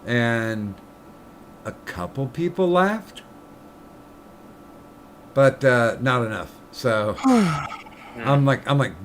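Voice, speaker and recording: Slow-talking, rambling male streamer. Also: mid-range voice, expressive, fairly bright tone, a little hiss or hum. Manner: rambling, profane, laughing at own jokes. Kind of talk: casual chat.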